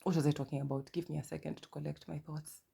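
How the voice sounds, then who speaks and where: A woman from Kenya with a Kenyan accent, in her thirties, hosting a casual podcast and telling stories with lively asides. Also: low voice, fast talker, gravelly, husky. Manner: chatty, animated storytelling with asides and quoted dialogue. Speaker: podcast host. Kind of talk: casual personal monologue.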